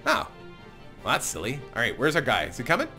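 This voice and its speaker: A man's voice: medium pitch, huge pitch swings, fast talker, bright, forceful tone, faint music behind. A man hosting a let's-play, chatty and self-mocking, often apologizing and laughing as he plays. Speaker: gaming channel host. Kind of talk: casual let's-play commentary.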